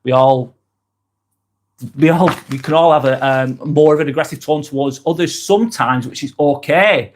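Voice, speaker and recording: Livestream host, male, slightly high voice, loose and rambling, leans on repetition. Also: normal speed. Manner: rambling, repeats words and phrases for emphasis. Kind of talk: casual livestream talk.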